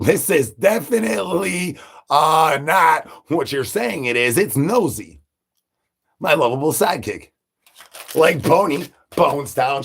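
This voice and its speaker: A man live-streaming in a zombie persona, rambling through silly catchphrases with sudden jumps in pitch. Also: vocal fry, a bit bright, husky. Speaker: livestreamer in zombie character. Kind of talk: absurd live-stream banter.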